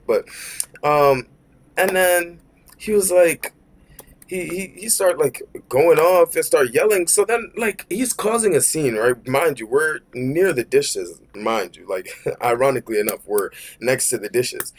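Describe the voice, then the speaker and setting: A man's voice: fairly high pitch, lively intonation, measured pace. A young man telling a work story in a rambling, slangy storytime rant, cursing and saying "bro" constantly. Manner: rambling, with many fillers and restarts.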